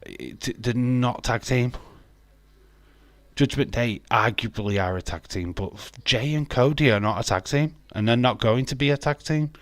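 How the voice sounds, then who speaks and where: A man's voice: mid-range voice, a little slow, no room sound. A man chatting casually on a live stream, greeting viewers, laughing often and swearing freely. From England. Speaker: wrestling watch-along streamer.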